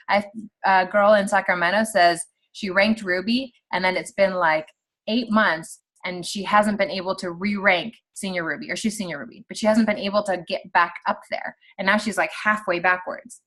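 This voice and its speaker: A woman's voice: mid-range voice, normal speed. Woman in her 30s leading a team video call, chatty and upbeat, mid-range voice, lots of "like". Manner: chatty and animated, heavy use of "like". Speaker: team leader on a sales call. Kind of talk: casual motivational talk.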